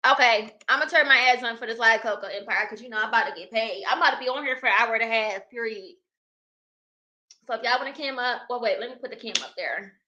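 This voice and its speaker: A chatty young woman hosts a casual livestream, reading out comments and laughing as she talks. Her voice is bright and sits a little high, and she speaks. She sounds close to a webcam mic. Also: fast, lo-fi sound. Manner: chatty, laughs often, talks to viewers as y'all. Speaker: livestream host reading chat.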